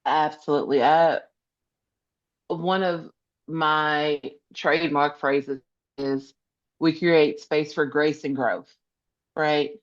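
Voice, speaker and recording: A woman's voice: sits low, fairly even intonation, takes it slowly, long pauses. Earnest woman guest, lo-fi sound. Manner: earnest, emphatic, repeats phrases for emphasis. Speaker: podcast guest, social worker. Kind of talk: conversational interview.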